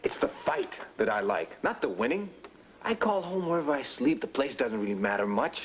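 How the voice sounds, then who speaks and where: A man's voice: mid-range voice, sing-song, a little fast, a little hiss or hum, natural voice, low-quality recording. An actor playing a breezy, cocky young man in a daytime soap, talking in a flippant way.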